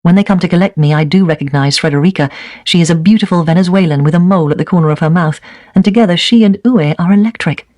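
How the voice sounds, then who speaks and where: A man reading a first-person memoir aloud at a steady, even pace. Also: a little high, fast, no echo. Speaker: reader of a set text.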